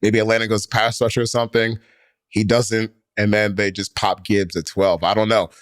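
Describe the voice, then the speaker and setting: A man's voice: on the low side, little pitch movement, moderate pace, no echo, studio quality. A man co-hosting a sports podcast, talking casually and rambling through his points with lots of fillers. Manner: rambling, heavy on fillers and restarts. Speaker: podcast co-host.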